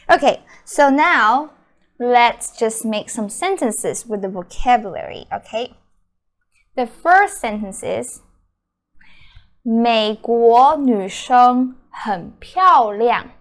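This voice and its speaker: A young adult woman teaching a beginner Mandarin lesson, patiently repeating words and explaining each one. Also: a little high. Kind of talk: slow beginner language lesson.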